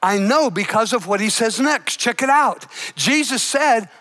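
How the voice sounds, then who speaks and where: A male preacher with a very high, bright voice delivers a sermon with theatrical energy. He swings from shouted exclamations to hushed, earnest appeals, and throws in playful jokes along the way. His tone stays sharp and ringing throughout. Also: animated, a little slow. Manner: dramatic storytelling with shouted emphasis and playful asides. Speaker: pastor.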